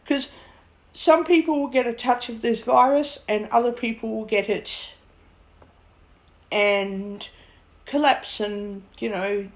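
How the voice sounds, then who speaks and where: A woman's voice: on the high side, fairly even intonation, slow, pauses often, poor audio. A woman venting to camera about a bad illness, blunt and swearing, laughing at her own ordeal as she rambles. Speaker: vlogger. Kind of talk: rambling personal vent.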